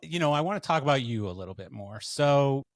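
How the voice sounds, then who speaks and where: A Canadian man hosts a podcast in easy, rambling talk, stopping and restarting as he spins his stories. His voice sits at an ordinary middle pitch. The sound is dry and close, with no room around it. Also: expressive, brisk, no room sound. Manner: rambling storyteller, lots of fillers and restarts. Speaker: podcast host. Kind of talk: casual interview chat.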